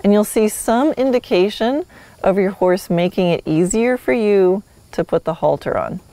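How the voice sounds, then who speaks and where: A woman's voice: mid-range voice, expressive, normal speed, dark tone, dry recording. A woman hosting a solo podcast, teaching horsemanship in a friendly, instructive way with light laughs.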